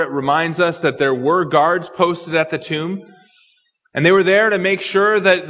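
Earnest preacher, high voice, hall reverb. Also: male voice, a bit bright. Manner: earnest, repeats words when thinking aloud. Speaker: pastor. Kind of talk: expository sermon.

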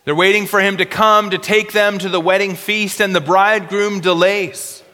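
Bright-voiced man preaching in a hall. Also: high voice, fairly even intonation. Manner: earnest, repeats words while thinking, slows for emphasis. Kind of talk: expository sermon.

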